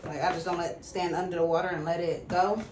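A woman's voice: lowish voice, level tone, fast talker, background noise. Chatty young woman vlogging at home. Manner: chatty, addresses viewers as "y'all". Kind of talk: casual home vlog. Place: bathroom at home.

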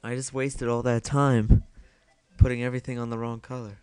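A man's voice: mid-range voice, flat delivery, normal speed, darkish tone, smooth, no echo. A young man giving casual solo gameplay commentary, self-mocking and swearing a lot as he mutters to himself.

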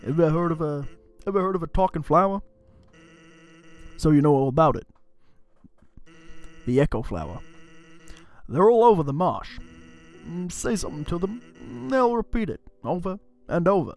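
A man's voice: fairly high pitch, animated, normal speed, pauses often, darkish tone, soft background music. A man reading a lazy, joking male skeleton's game dialogue aloud in his own plain voice. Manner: reads game lines aloud in a plain, slightly amused voice.

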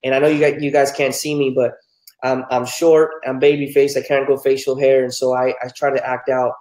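A man's voice: medium pitch, little pitch movement, brisk, darkish tone, echoey room, rough recording. A man from New Mexico, a pastor telling his life story candidly and earnestly in an interview. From New Mexico, United States.

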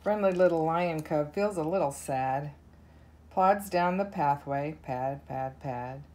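A woman reading a children's counting book aloud, counting softly and slowly. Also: deep voice. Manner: slow, soft counting. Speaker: narrator.

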